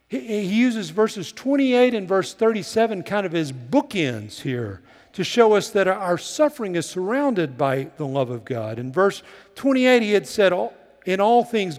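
High, lively-voiced preacher man in a hall. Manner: emphatic preaching, repeats key lines for the congregation. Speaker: pastor. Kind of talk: sermon.

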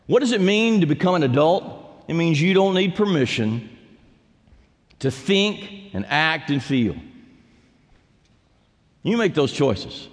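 Male pastor preaching, goes big then drops way low, lively pitch, echoey church hall. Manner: animated preaching, swinging from loud calls to quiet low asides. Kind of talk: sermon. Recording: long hall reverb.

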